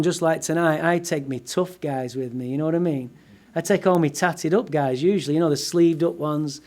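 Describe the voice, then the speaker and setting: A man's voice: on the high side, a little mellow. A man giving a comic, profane personal story to a live recovery-meeting audience. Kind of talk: humorous personal storytelling talk.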